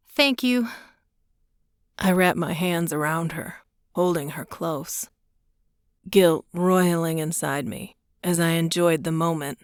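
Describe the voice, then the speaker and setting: Brief: audiobook narrator, woman, lowish voice, dry booth sound, measured and close. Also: clean tone, no room sound. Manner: measured, intimate storytelling. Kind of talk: first-person romance narration.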